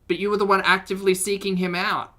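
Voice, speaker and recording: Blunt streamer with a bright voice. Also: mid-range voice, little pitch movement, fast talker. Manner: blunt and sarcastic, laughs often. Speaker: streamer reacting to videos and reading chat. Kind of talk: casual reaction commentary.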